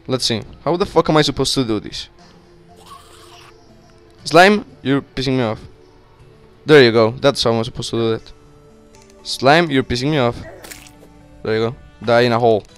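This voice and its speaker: A young man giving casual, excitable let's play commentary, swearing and talking to himself as he plays. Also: mid-range voice, moderate pace, pauses often, clean tone, faint music behind. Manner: cursing, excitable, talks to himself. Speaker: gaming YouTuber.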